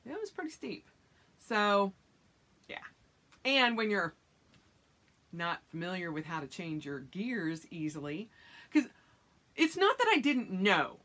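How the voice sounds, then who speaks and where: A woman vlogger chatting casually to her camera with a bright, clear tone. She tells her story in long runs and acts out her own reactions with sudden high squeaks and yelps. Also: sing-song, slow pace, long pauses. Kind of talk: casual chat.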